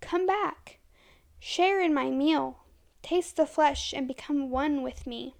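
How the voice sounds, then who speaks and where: A woman's voice: very high-pitched, lively intonation, a little slow, pitched above the performer's own voice. A woman voicing a sinister flesh-eating monster that poses as a boy, for a horror story reading. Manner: sinister, gleeful.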